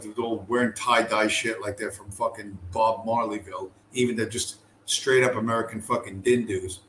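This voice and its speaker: This travel vlog has a man chatting casually to camera, full of profanity, fillers, and false starts. His mid-range voice has a sharp edge. Recorded on the camera mic, it sounds roomy with a bit of background noise.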